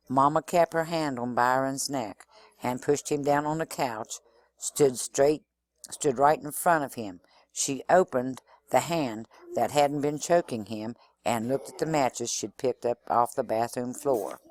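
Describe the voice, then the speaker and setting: A man reading a novel aloud in an expressive first-person storytelling manner. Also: mid-range voice, dry recording. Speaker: reader.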